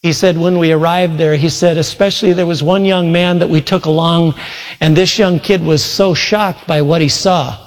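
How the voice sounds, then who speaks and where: A male pastor preaching a sermon, retelling a story full of quoted speech, his pace shifting between slow and quick. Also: fairly high pitch, steady tone. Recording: long hall reverb.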